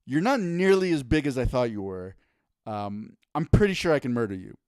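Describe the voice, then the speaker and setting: A man voicing a huge male black bear that calmly sizes him up and threatens him during a storytelling podcast. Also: medium pitch, normal speed, smooth, no room sound, studio quality, lightly acted. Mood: smug threat.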